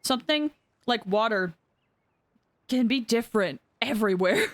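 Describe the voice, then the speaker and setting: Brief: young woman streamer, casual rambling chat, slightly high voice. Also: expressive, unhurried, dry recording. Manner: chatty, rambling, full of "like". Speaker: game streamer.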